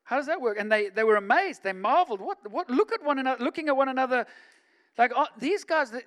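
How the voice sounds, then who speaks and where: High-voiced man preaching. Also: lively intonation, quick pace. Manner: conversational, swings from quiet to loud emphatic preaching. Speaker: pastor. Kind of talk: sermon.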